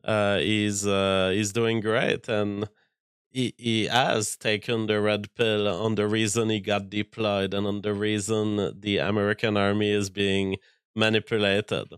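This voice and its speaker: Smooth-voiced man giving blunt commentary. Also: on the low side, little pitch movement, unhurried, a bit bright, dry recording, clean studio sound. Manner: talks over clips, reads viewer comments aloud, frank and argumentative. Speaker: streamer reacting to clips and reading chat. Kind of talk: opinionated commentary.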